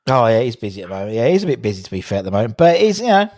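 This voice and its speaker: A man hosting a fan live-stream, chatting casually about football with callers, often animated and swearing now and then. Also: mid-range voice, racing, no room sound. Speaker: host of a fan live-stream call-in show. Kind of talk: casual chat and football opinion.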